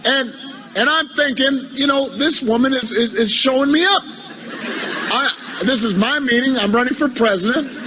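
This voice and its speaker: A man, a politician, telling a humorous anecdote in a speech, halting and repeating words with a wry storytelling manner. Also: extremely high pitch, background noise.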